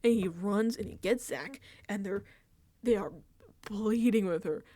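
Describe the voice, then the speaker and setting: A woman host giving a casual, animated recap of a reality show, laughing often and sounding exasperated. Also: medium pitch, unhurried.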